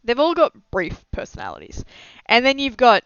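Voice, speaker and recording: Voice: mid-range voice, huge pitch swings, normal speed, a bit bright, clear, resonant tone, dry recording. A young adult streamer chatting casually and rambling with frequent giggles and self-deprecating asides during a live stream. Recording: slightly dull lo-fi mic, dry.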